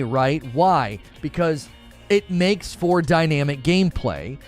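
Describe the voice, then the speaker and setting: A man's voice: fairly high pitch, darkish tone. Opinionated man streaming over faint music. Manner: opinionated, explains with rhetorical questions. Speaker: gaming streamer. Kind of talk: live stream commentary reading chat.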